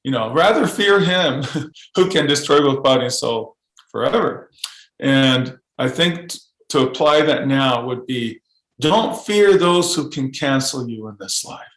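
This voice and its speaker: A man speaking as a podcast guest, telling his story in an earnest, halting way with frequent restarts. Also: medium pitch, lively intonation, fairly bright tone, reverberant, rough recording. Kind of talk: podcast interview testimony.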